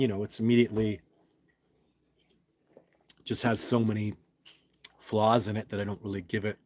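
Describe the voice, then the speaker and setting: A man hosting a casual livestream, rambling with restarts as he reads viewer comments and answers in an emphatic, certain way. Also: on the low side. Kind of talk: casual live chat.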